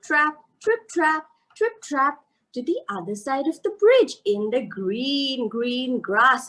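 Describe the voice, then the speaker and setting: A woman narrating a children's story live, animated and sing-song, asking her listeners questions. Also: fairly high pitch, low-quality recording.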